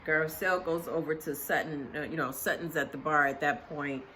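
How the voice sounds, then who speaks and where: A woman recaps a reality show in a loose, gossipy chat, full of "you know" and "um." Her voice sits low but rings bright and forceful. Faint noise hums underneath. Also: fairly even intonation, brisk. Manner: chatty and gossipy, many fillers. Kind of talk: casual episode recap.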